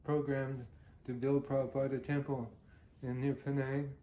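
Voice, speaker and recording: A man's voice: mid-range voice, little pitch movement, measured pace, mellow. A man giving a devotional storytelling talk, earnest and anecdotal, chuckling now and then. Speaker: devotional speaker. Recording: roomy echo.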